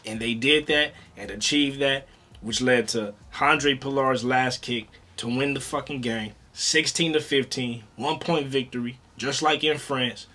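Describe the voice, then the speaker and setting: A man giving a casual, animated review, talking in slang, repeating himself and swearing. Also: medium pitch, measured pace. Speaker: reaction video reviewer.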